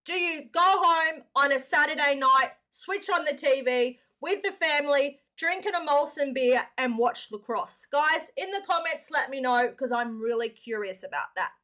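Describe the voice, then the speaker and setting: An Australian woman hosts a casual reaction video, talking straight to her audience. Her voice sits high and sounds bright and forceful. She keeps calling her viewers mate. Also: expressive, normal speed, hardly any pauses. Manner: chatty, addresses viewers as mates.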